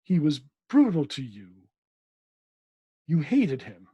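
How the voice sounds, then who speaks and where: Reader doing a young doctor in a classic novel, earnest and pleading, in a dark, husky man's voice. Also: on the high side, sing-song, takes it slowly, dry recording, highs cut off, exaggerated voice. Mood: vehement. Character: ardent young English doctor, earnest man.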